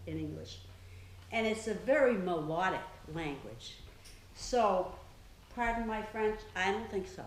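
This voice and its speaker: An older woman, an author, gives a storytelling talk to an audience, sharing chatty family stories and laughing often. Her mid-range voice has lively intonation and an unhurried pace. The recording has an echoey room with faint noise.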